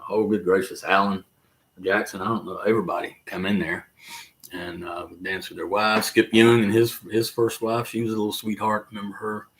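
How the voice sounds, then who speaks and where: An older man with a Southern accent from the North Carolina mountains, hosting a casual live chat in a folksy, rambling way with drawn-out fillers. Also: lowish voice, fairly bright tone. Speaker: livestream host and musician.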